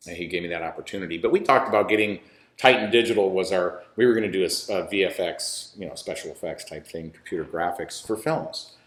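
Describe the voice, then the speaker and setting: A man's voice: deep voice, fast. A man, a filmmaker and musician, chatting as an interview guest in a rambling, restarting way. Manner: rambling, with many restarts and laughs. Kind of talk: casual interview talk. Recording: roomy echo.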